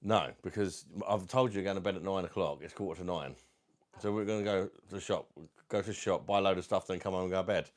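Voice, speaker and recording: Talking fast in a low, steady voice, this South East London man hosts a relaxed livestream from home. With his London accent, he reads viewer comments aloud and calls everybody mate.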